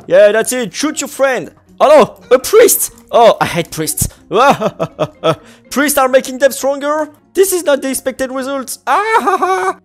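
A gamer narrating a let's-play, voice swooping up and down with lively energy. Talk is playful and exclamatory, peppered with silly sound effects. Mid-pitched, with faint music underneath. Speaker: gaming channel host. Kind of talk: Minecraft let's-play commentary.

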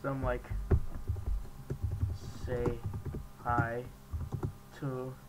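A young man hosting his gaming channel, chatting casually and jokingly, reacting out loud as he plays an online battle at his computer. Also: medium pitch, monotone, very slow, heavy background noise. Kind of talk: casual game commentary.

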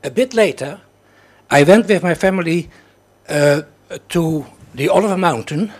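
A man in the audience telling a rambling story before his question, halting and full of fillers. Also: a little high, animated. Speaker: audience member asking a question. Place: lecture hall.

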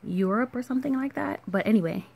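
Relaxed island-accented woman with gravelly edge. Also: on the high side, fast. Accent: Caribbean. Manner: relaxed, rambling, with fillers and soft laughs. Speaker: vlogger. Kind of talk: casual show-and-tell vlog.

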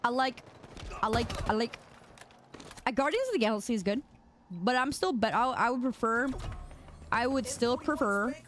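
A woman's voice: on the high side, normal speed, pauses often, slight background noise. A woman game streamer chatting casually and teasingly with her viewers while she plays. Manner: animated, teasing, talks to chat. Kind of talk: casual live-stream chat.

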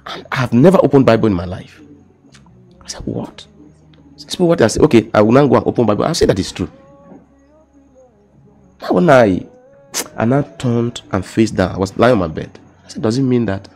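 A young Nigerian man with a Nigerian accent, telling his personal testimony in casual conversation, halting and repeating words, often dropping into quiet emotional tones. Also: medium pitch, expressive.

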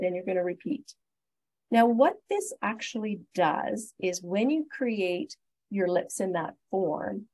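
Canadian woman doing a webinar talk, breathy voice, upbeat and encouraging, takes it step by step. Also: mid-range voice, a little mellow, poor audio. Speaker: guest speaker, respiratory therapist. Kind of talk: webinar presentation.

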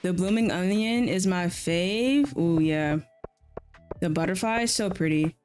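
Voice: mid-range voice, a little slow, darkish tone, faint music behind. A streamer in casual live-stream chat while playing a game, laid-back and chatty, often repeating slang phrases.

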